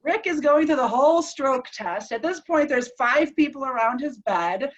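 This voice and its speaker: A woman telling an emotional personal story, animated and acting out the dialogue. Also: sits high, moderate pace, lo-fi sound. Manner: animated, acts out quoted dialogue.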